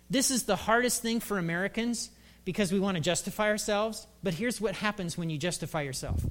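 A male pastor with a high-set voice preaches in a relaxed, joking way, slipping into quick voices now and then. The sound carries a long reverb from the church hall. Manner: humorous, acts out quick voices. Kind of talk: conversational sermon.

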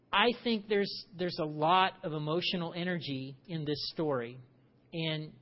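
A man preaching a conversational sermon, animated and full of rhetorical questions. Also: on the high side, muffled recording. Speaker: pastor.

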